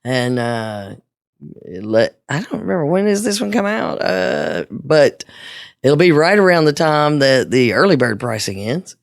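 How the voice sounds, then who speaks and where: A woman co-hosts a podcast in easy, casual conversation. Her pitch moves up and down a lot. She sounds low-key and often restarts her sentences, recorded close and dry. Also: very animated, measured pace, gravelly, dry recording. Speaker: podcast co-host. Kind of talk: casual chat.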